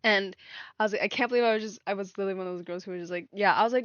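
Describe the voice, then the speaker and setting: A woman's voice: medium pitch, very fast, a bit bright, no room sound. A young woman livestreaming, chatting casually and telling a story with many fillers and restarts. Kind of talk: casual chat. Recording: dull lo-fi stream audio with faint music.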